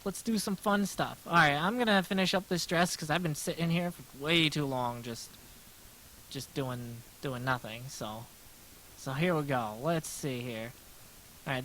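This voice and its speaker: A man's voice: fairly high pitch, a bit bright, slight background noise, low-quality recording. A man chatting casually on a livestream while he sketches, rambling and poking fun at himself, with many restarts. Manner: rambling, self-deprecating, lots of restarts. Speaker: streamer and artist.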